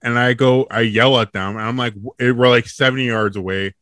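A man's voice: medium pitch, fairly even intonation, a little fast, a bit bright, dry recording, clean studio sound. A man casually telling a profane, laughing story on a comedy chat show.

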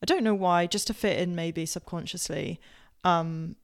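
A woman's voice: fairly low pitch, moderate pace. A woman from Southampton with a posh southern English accent, telling personal stories on her podcast in a rambling way, with many fillers and self-corrections. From Southampton, England. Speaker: podcast host. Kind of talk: casual personal storytelling.

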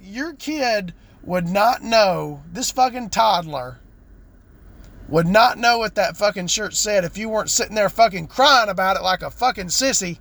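A man's voice: high-pitched, very animated, measured pace, creaky, fairly bright tone. A man giving a blunt, profane, exasperated rant in a casual vlog.

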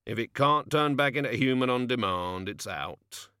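A man voicing a gruff, slow-talking working-class barman who grumbles and drops his grammar. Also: medium pitch, lively intonation, bright, forceful tone, no room sound, studio quality. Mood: grumbling.

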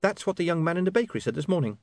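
A man's voice: high voice, big pitch swings, very fast, a little mellow, no echo, studio quality, pitched above the performer's own voice. A man voicing a sniffling young woman who works on a newspaper and speaks in a matter-of-fact way.

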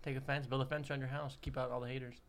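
A man's voice: medium pitch, little pitch movement, very fast. A seventeen-year-old guy co-hosting a casual podcast, teasing and joking crudely. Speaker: podcast co-host. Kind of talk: casual chat.

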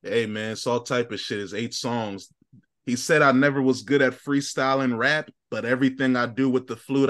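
A man in his thirties, from Chicago, co-hosting a relaxed podcast conversation. His voice sits in an ordinary middle pitch, and he talks in loose street slang, laughing often as he spins stories. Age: 30s. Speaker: podcast co-host. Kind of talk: casual chat.

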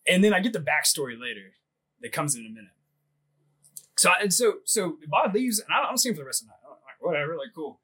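A husky-voiced man in his thirties spins a crude, rambling story, pitched a bit higher than most men. He laughs often and fills every pause with "like" in loose podcast banter. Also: sing-song, bright, forceful tone. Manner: rambling, laughs a lot, heavy "like" filler. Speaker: podcast co-host.

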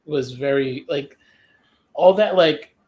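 A man with a fairly high voice chatting on a podcast. He breaks into laughter and acts out characters' lines as he retells a story. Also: slow, a little mellow. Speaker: podcast co-host. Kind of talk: casual podcast chat.

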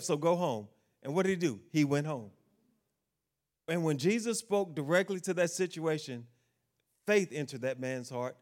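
A preacher with a voice a little higher than most men's. He reads scripture, then retells it with quoted lines for each figure, and keeps asking the congregation questions to pull them along. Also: expressive, normal speed, darkish tone. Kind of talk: sermon.

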